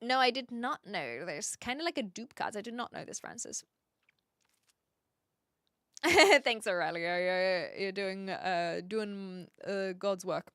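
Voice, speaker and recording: Bright-voiced New Zealand woman chatting. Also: medium pitch, lively intonation, slow pace, dry recording, clean studio sound. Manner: chatty, thinks aloud and hunts for words. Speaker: streamer. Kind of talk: casual live-stream chat, answering viewers.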